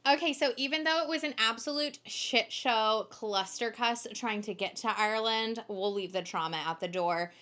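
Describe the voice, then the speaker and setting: A woman's voice: a little high, moderate pace, hardly any pauses, sharp tone. A young woman co-hosting a book haul video, chatting casually and bubbly, with lots of "like" and the odd swear word. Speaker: booktuber co-host. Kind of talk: casual chat.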